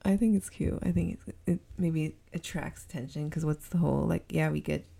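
A young woman hosting her own podcast, rambling in a casual solo chat and breaking often into loud giggly laughter. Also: low voice, steady tone, moderate pace, creaky. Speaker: podcast host.

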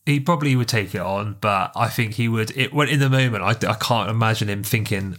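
A man's voice: on the low side, fast talker, hardly any pauses, a bit bright. Jokey man telling funny stories. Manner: jokey storyteller, swears freely. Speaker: podcast co-host. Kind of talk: casual chat.

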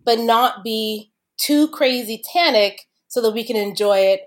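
A woman's voice: fairly high pitch, a little slow. A woman, a wine expert guest, talking in a chatty, explanatory way with many fillers. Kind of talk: casual podcast conversation.

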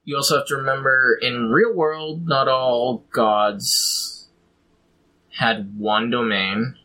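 A man's voice: medium pitch, fairly even intonation, slow pace, sharp tone, low-quality recording. A man in casual chat, explaining how to build a fantasy pantheon, rambling with frequent ums. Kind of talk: casual chat about tabletop game design.

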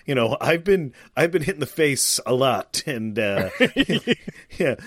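A man's voice: mid-range voice, sing-song, slow pace, no echo, studio quality. A male podcast co-host in casual chat, enthusiastic and profane, with many fillers.

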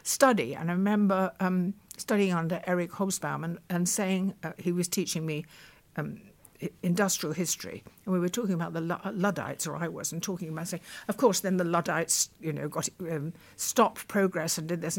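Gravelly older woman telling stories. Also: on the low side, moderate pace. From United Kingdom. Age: 80s. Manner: thoughtful, with frequent restarts and quoted recollections. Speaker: guest, veteran broadcaster. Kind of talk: reflective storytelling in conversation.

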